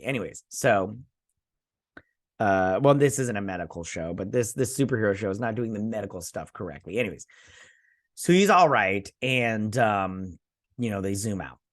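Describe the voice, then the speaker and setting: A man's voice: fairly low pitch, moderate pace, no room sound, clean studio sound. A man casually recapping a TV episode as a reviewer, rambling with many fillers and restarts and acting out characters' lines. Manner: animated, acts out characters' lines. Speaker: TV show reviewer.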